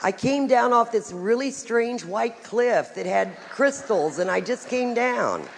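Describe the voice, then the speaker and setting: A woman's voice: a little high, animated, measured pace, gravelly, slight background noise. A middle-aged woman, a psychic, giving a live talk to a group with frank, wry, humorous storytelling.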